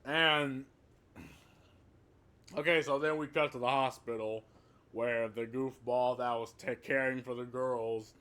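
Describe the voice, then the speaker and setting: A man's voice: medium pitch, fairly even intonation, a little slow, pauses often, fairly bright tone, smooth. A man giving a casual, rambling movie review, swearing often and laughing at the plot.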